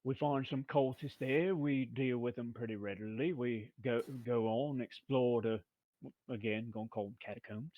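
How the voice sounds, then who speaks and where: A man recapping a tabletop game session in a playful, rough-talking manner, full of slang and asides. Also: mid-range voice, steady tone, normal speed, dry recording, lo-fi sound. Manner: playful rough-talking brute drawl, "me brother", "we was".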